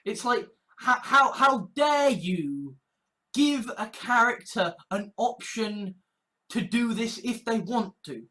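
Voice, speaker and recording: A man's voice: extremely high pitch, lively intonation, takes it slowly, sharp tone, rough recording. A man ranting in a sarcastic, exasperated way, swearing often and repeating a mocking phrase in escalating outbursts. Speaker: online commentator. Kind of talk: ranting commentary compilation.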